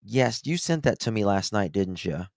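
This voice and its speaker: A man's voice: lowish voice, lively intonation, moderate pace, vocal fry, a little mellow, dry recording, clean studio sound. A male channel host giving sarcastic, incredulous commentary on played clips. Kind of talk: reaction commentary.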